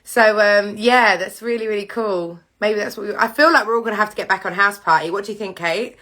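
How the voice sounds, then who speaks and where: A bubbly woman hosts a casual live stream from her living room, chatting straight to the people watching. Her voice is bright and sits at a middling pitch, picked up over a video call. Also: a little fast. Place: home living room with piano and candles.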